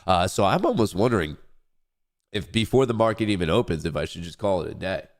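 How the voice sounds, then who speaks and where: Stuffed-up low-voiced man hosting a livestream. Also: animated, brisk. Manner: rambling, joking, self-hyping. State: congested, stuffed-up nose. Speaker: livestream trading show host. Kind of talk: casual livestream chat.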